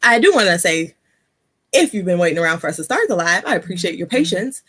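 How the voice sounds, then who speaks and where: A woman's voice: fairly low pitch, very animated, quick pace, fairly bright tone, slightly rough. A woman hosting a casual live stream, a little out of breath and chatty, laughing often. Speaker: host.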